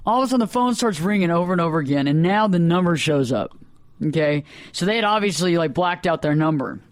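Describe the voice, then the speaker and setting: A man hosting a radio talk show, telling anecdotes in lively casual chat and acting out the people in them. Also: on the high side, fast, dry recording. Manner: animated, acts out voices in anecdotes.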